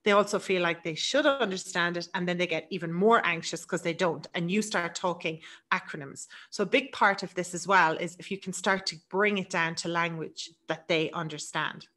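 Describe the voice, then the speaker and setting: A middle-aged woman with an Irish accent giving a quick, chatty business webinar presentation. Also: fairly low pitch, sharp tone. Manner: fast, chatty, laughs easily.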